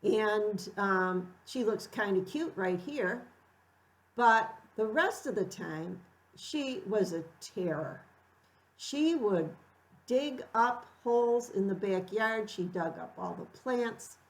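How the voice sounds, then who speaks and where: A middle-aged woman tells a personal story at a slow, unhurried pace. Her pitch sits mid-range for a woman, and she stays reflective, turning animated when she acts out what people said. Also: rough recording. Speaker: art vlogger telling a personal story.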